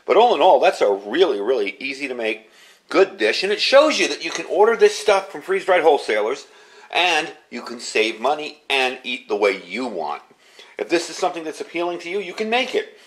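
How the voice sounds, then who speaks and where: His voice on the high side and his delivery brisk, a man in his fifties chats his way through a cooking demo. He's a home cook with a relaxed, talkative manner who keeps talking as he cooks.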